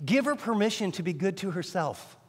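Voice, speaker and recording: High-pitched preaching man in a hall. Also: a little fast. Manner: animated preaching with repeated restarts. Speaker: Bible teacher. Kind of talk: sermon. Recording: long hall reverb.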